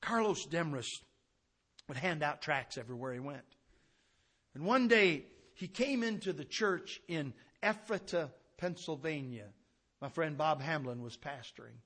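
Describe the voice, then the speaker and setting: A man preaching a sermon with fervor, swinging from loud to hushed. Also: on the high side, animated, moderate pace, husky.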